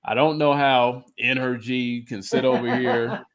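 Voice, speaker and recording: A man's voice: medium pitch, flat delivery, a little slow. A man co-hosting a podcast, ranting in a profane, heated way in casual chat. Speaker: podcast co-host.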